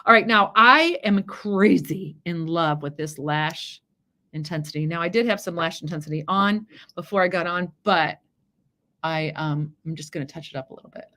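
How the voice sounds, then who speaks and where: A woman's voice: fairly low pitch, moderate pace, sharp tone. A woman giving a chatty live makeup demonstration, often checking in with her viewers. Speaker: makeup presenter on a live stream.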